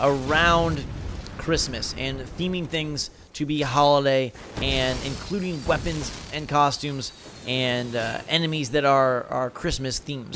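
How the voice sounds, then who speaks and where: A man's voice: medium pitch, a bit bright, slight background noise. Casual man commenting over gameplay. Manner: casual, enthusiastic rambling with fillers. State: tired, late at night. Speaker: gaming video host.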